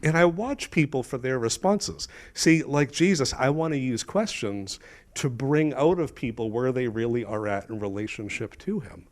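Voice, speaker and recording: A middle-aged male pastor preaching a sermon in a church, emphatic, questioning his congregation and swinging between loud and hushed. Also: mid-range voice, animated, moderate pace. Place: church sanctuary.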